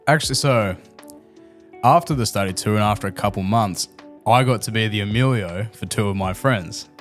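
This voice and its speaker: An Australian man, a podcast guest, telling relaxed, slangy anecdotes in a casual chat and laughing often. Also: fairly low pitch, normal speed, soft background music.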